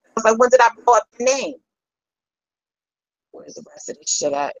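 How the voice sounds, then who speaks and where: A woman's voice: a little high, expressive, normal speed, no room sound, poor audio. Heated woman ranting, dry close sound. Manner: heated, profane, confrontational. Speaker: livestreamer addressing critics. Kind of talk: angry livestream rant.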